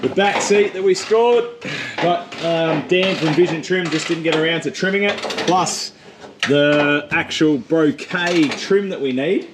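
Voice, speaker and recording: A joking, teasing Australian man chats casually as he works on a car in his home shed. His voice sits a touch high, and a faint hiss of noise runs beneath it. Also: measured pace. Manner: jokey, teasing, chatty. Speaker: channel host. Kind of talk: casual chat while working on a car.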